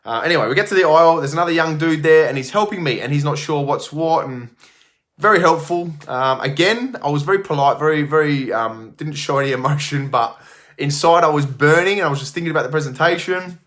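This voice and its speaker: A man's voice: a little high, fairly quick, fairly bright tone. A middle-aged man, telling a story casually to camera as a gym owner, rambling with many fillers and restarts.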